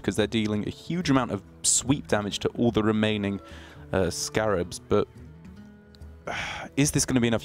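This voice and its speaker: A man commentating a live game, working through the plays aloud and breaking into excitement at the big moments. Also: lowish voice. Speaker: esports commentator.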